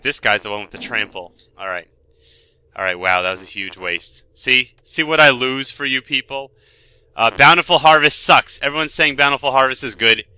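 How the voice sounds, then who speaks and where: A young man, a gaming video host, casually telling a rambling, self-deprecating story over his gameplay commentary, getting animated when excited. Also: mid-range voice, no echo. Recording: dry close mic with faint game music.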